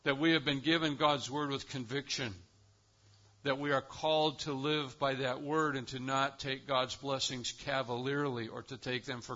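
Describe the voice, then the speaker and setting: A man preaching a sermon, building to loud emphatic swells and dropping to quiet, deliberate lines. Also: mid-range voice, lo-fi sound.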